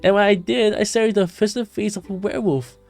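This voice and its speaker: A man's voice: high-pitched, fairly even intonation, fairly quick, vocal fry, darkish tone, soft background music, voice pushed up. A man voicing a young woman who tells a werewolf story in a tavern, reading game dialogue aloud with some flair. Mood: animated.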